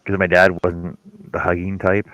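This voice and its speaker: Deep-voiced man telling wry stories. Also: monotone, measured pace, fairly bright tone, dry recording, highs cut off. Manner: teasing, wry storyteller. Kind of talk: casual chat. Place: home, on a live stream.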